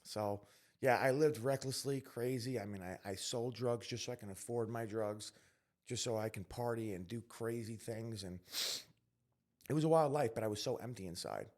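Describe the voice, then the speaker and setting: A man from New York, a podcast guest, telling his life story candidly, earnest and emphatic with quick restarts. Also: mid-range voice, a little mellow.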